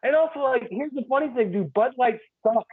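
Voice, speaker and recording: A man's voice: extremely high pitch, expressive, brisk, slightly rough, no room sound. A man in a casual podcast chat, ranting in an exasperated, profane way. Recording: tinny phone-like line.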